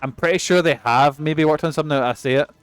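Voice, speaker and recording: A man's voice: on the high side, racing, smooth, soft background music. A young man giving rambling, sweary commentary while he plays a game. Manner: rambling and sweary, laughs often. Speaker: streamer. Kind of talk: casual gameplay commentary.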